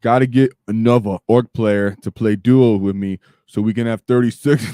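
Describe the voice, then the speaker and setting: A man hosting a casual livestream chat, talking in an animated way with lots of fillers and sudden shouts. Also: medium pitch, brisk, hardly any pauses, dry recording, clean studio sound. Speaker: streamer host.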